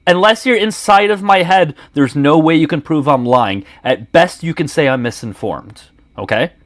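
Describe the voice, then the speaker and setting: A man's voice: fairly high pitch, normal speed, no echo. A man hosting a live stream, arguing in a sarcastic, combative way and interrupting often. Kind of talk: heated live debate.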